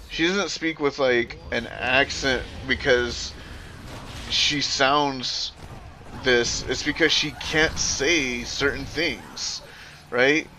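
A man streaming, ranting casually to his chat in an animated, profane, rambling way with frequent self-corrections. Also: medium pitch, slight background noise.

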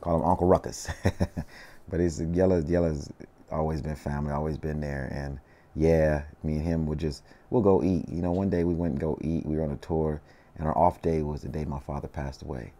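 Very deep-voiced laid-back Southern Californian man. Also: steady tone, normal speed, warm tone. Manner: laid-back, slangy, many fillers like "you know what I mean". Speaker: interview guest, rapper. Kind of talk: casual storytelling interview.

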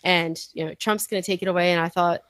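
A woman chatting on a podcast in a lively, animated way, laughing often and acting out what others said. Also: fairly low pitch, quick pace, no echo. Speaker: podcast guest. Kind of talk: casual podcast chat.

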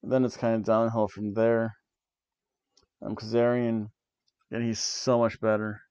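A man's voice: on the low side, little pitch movement, unhurried, darkish tone, smooth, highs cut off. A man in his forties casually reviewing wrestling from his seat, chatty and drifting off into tangents. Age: 40s. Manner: chatty, jumps between tangents, frequent asides. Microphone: webcam while seated.

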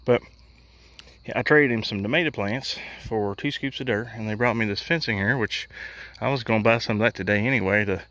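A man's voice: lowish voice, a little fast, a bit bright, no room sound. A man talking casually while working in his backyard garden, folksy and blunt with some mild cussing. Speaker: homesteading vlogger.

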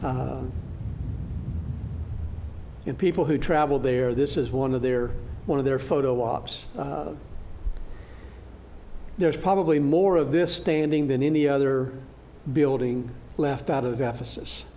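A man teaching a church Bible class, lecturing through a slide show in a halting way, with frequent fillers and restarts. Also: mid-range voice, dark tone, a little hiss or hum. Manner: good-humored, laughs at his own slip.

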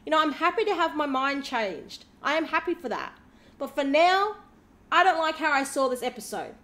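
A woman's voice: high-pitched, big pitch swings, moderate pace, a bit bright. A woman hosting a reaction video, talking in a sarcastic, indignant way. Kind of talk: reaction commentary.

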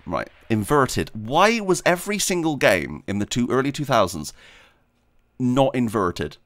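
A man's voice: mid-range voice, sing-song, measured pace, a bit bright. A man hosting a gaming video, chatting casually and rambling while he plays, laughing often and talking to himself. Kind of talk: casual gameplay commentary.

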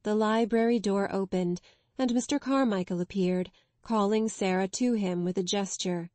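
A woman reading a classic children's novel aloud in measured, expressive narration. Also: medium pitch, no room sound. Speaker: audiobook narrator. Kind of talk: scripted narration.

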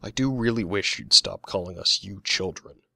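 A man's voice: low voice, moderate pace, vocal fry, pushed and bright, no echo, clean studio sound, heavily acted. A man voicing a sneering young man who answers with sarcasm. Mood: sarcastic. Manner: snorting, sarcastic.

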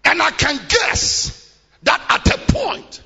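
A middle-aged man preaching a sermon in a large church hall, swinging between shouted declarations and hushed, low-voiced passages. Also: very animated, takes it slowly, gravelly, soft background music. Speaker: pastor. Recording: muffled live church recording with long reverb.

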